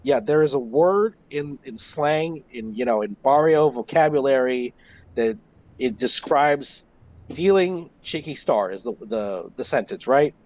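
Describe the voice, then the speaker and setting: A man, a wrestling historian, telling stories in a casual interview, animated and swearing freely. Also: mid-range voice, measured pace. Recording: lo-fi voice chat.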